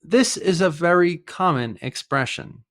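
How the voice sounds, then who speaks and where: This is a man teaching English idioms in a scripted lesson. His voice sits a little high and moves through a wide, expressive melody. He speaks slowly and deliberately, walking through examples one by one. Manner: slow, careful explanations with example sentences.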